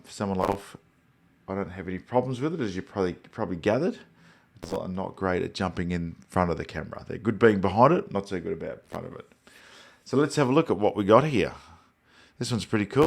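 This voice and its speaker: A man's voice: low-pitched, gravelly. An Australian man hosting a live photography show, chatting casually about viewer photos while a bit congested. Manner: relaxed, rambling, with frequent fillers. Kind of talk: live-stream chat reviewing viewer photos.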